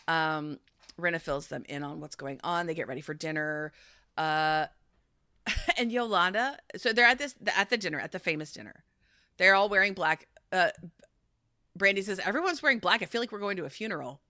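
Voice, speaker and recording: A woman co-hosting a podcast in casual chat, retelling a show with animated storytelling and acted-out quotes. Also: on the low side, moderate pace, no room sound, studio quality. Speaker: podcast co-host recapping a reality show.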